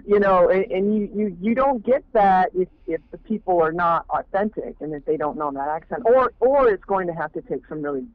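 Male indie filmmaker on a phone line, higher voice, rambling with fillers. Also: lively intonation, brisk, few pauses. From Maine. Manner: rambling, many fillers and restarts. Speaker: fan film director. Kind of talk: casual interview talk.

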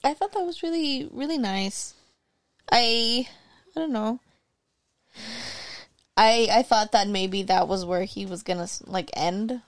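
A woman joining a casual podcast chat, speaking softly and a little hesitantly. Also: fairly high pitch, a little slow, pauses often, no echo, studio quality.

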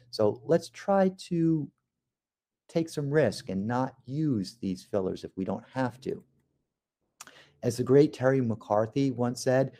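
A trial lawyer with a low, dark-toned voice gives a podcast lecture on cross-examination. He keeps it conversational, dropping plenty of ums and uhs along the way.

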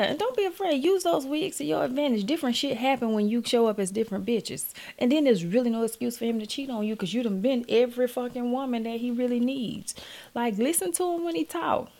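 A woman's voice: fairly high pitch, animated, fast talker, gravelly, mellow. A woman talking to her phone camera at home, giving profane, blunt, rambling relationship advice in a casual comedic monologue.

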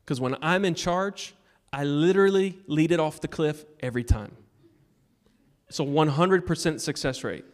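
A man's voice: fairly high pitch, moderate pace. Fervent male pastor preaching. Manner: storytelling preacher, swings from loud urging to hushed. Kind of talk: sermon. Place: church sanctuary.

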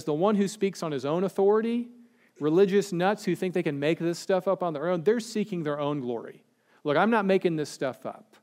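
A male pastor preaching a sermon, animated, dropping to slow and hushed when he quotes scripture. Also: a little high.

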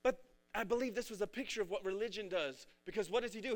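A man preaching a casual, energetic sermon, talking in a rambling, conversational way. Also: sits high, fast talker. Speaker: pastor.

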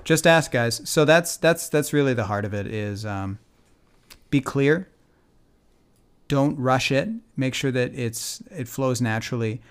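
A man's voice: mid-range voice, a little slow, clear, resonant tone. A man co-hosting a podcast, giving earnest advice in casual chat, often restarting and repeating his main point. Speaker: podcast co-host.

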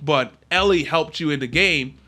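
A man co-hosting a podcast, chatting casually and excitedly about video games, rambling with lots of fillers. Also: on the high side, normal speed. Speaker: podcast co-host.

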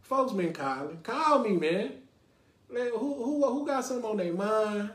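A young adult man from Dallas, Texas, hosts a loose, casual podcast, rambling from thought to thought and checking in with "you know what I mean". His voice sits a little high for a man, and the room gives it a noticeable echo. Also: animated, a little slow. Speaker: podcast host. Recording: roomy echo.

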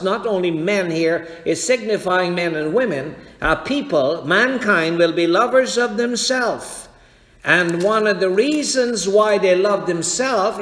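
A man preaching a sermon in a church, slow and deliberate, checking that his congregation follows. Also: high voice. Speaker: pastor. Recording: echoey hall with long reverb.

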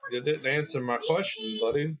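A woman's voice: extremely low pitch, normal speed. A woman playing a tabletop game, asking dry, teasing questions in character. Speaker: player. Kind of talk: casual tabletop play.

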